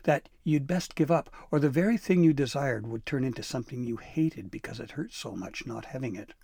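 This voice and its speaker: A man reading a children's storybook aloud with expressive narration. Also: mid-range voice, fairly quick, creaky, slightly rough, dry recording, studio quality.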